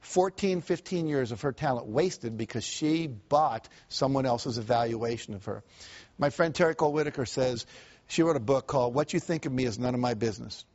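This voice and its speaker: A man's voice: mid-range voice, moderate pace, a little mellow, highs cut off. A man giving a live motivational talk, telling stories and acting out the voices he quotes, often asking the audience questions. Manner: storytelling, acts out quoted voices. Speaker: motivational speaker.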